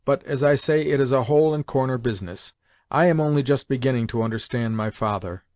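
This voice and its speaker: A man's voice: medium pitch, fairly quick, darkish tone, dry recording, natural voice. A condescending young elder brother, voiced by a man reading a novel aloud. He speaks in a knowing, dismissive way, in a middle register. The recording is dry. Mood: confiding.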